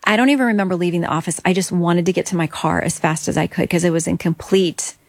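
A woman's voice: fairly low pitch, fast talker, dry recording. A woman guest earnestly telling her faith story in an interview, acting out quoted lines.

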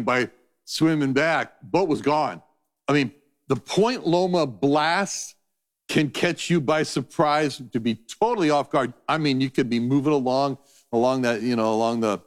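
A man giving a conversational sermon as a Bible teacher, telling stories animatedly and acting out voices. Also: medium pitch. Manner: animated storytelling, acts out voices.

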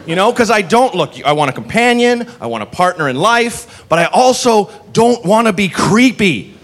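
A man's voice: high-pitched, sing-song, normal speed, a bit bright. A man in his late thirties doing a stand-up comedy set on a club stage, rambling and self-deprecating, packing his talk with "like" and "you know". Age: 30s. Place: comedy club stage before a laughing audience. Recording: noisy live club recording.

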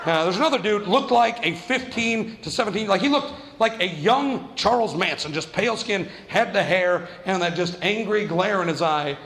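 A man doing stand-up comedy, telling a story fast and animatedly and acting out the voices of the people in it. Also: sits high, lively intonation, a bit bright, long reverb tail. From New Mexico.

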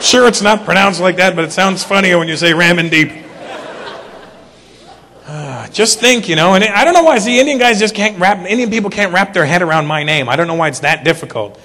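A man performing a stand-up comedy routine, telling stories with lively delivery and acted-out voices. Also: sits high, a little fast, in a large hall. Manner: animated storytelling, acts out silly voices.

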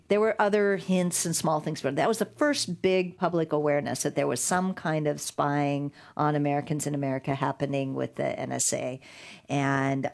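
A middle-aged woman, a guest in an interview, telling stories in a lively way and acting out the voices of the people she quotes. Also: low voice. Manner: animated storyteller, acts out quoted voices. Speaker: guest, digital rights lawyer. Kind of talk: conversational interview storytelling.

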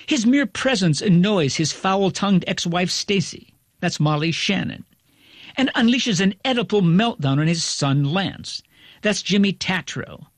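A male critic reading a scripted review in a wry, articulate, measured way. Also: high voice, dry recording.

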